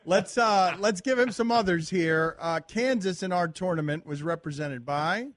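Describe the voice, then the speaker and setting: A man's voice: high-pitched, fairly bright tone. A man hosting a sports radio show, bantering playfully and teasing his guest. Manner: playful, quick teasing delivery.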